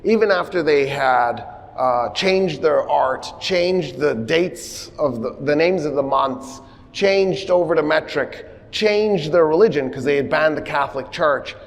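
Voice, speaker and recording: A man with a fairly high voice delivering a funny, animated history lecture, bringing the story to life by acting out what people said. His voice carries the long echo of a lecture hall. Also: unhurried.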